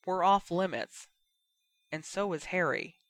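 Casting: man doing a steady, gentle mentor, measured and quiet, dry close mic. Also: high voice, dry recording. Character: patient, wry older male teacher. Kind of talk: audiobook character voice.

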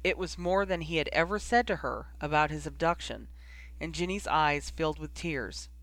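Bright-voiced man reading fiction. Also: fairly high pitch, normal speed, dry recording. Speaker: audiobook reader. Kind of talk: fan fiction narration.

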